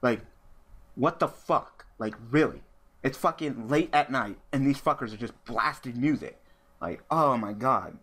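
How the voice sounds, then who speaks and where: A man's voice: medium pitch, animated, measured pace, fairly bright tone. A man telling a profane, ranting story while commentating a card game he is playing. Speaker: gaming YouTuber. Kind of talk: venting commentary over card game play.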